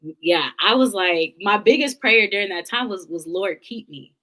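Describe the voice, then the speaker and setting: A woman's voice: mid-range voice, lively intonation, moderate pace, sharp tone, poor audio. A young adult woman, an interview guest, talking candidly and thoughtfully in long, run-on reflections. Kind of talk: candid casual conversation.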